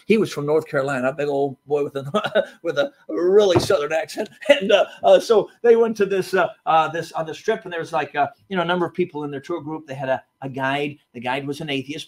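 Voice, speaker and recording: A preacher delivering a sermon, emphatic and storytelling, swinging from loud bursts to hushed asides. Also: male voice, fairly high pitch, breathy edge.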